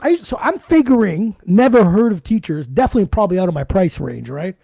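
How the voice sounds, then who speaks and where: A man hosting a podcast in casual chat, telling animated stories, swearing a lot and acting out what people said. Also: high-pitched, fast, gravelly, slightly rough, no room sound. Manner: animated storyteller, swears a lot, acts out quotes. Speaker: podcast host.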